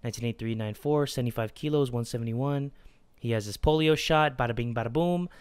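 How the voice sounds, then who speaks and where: A man voicing a gruff, deep-voiced male border inspector in a video game playthrough, talking low, slow and mock-serious. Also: dry recording, lightly acted.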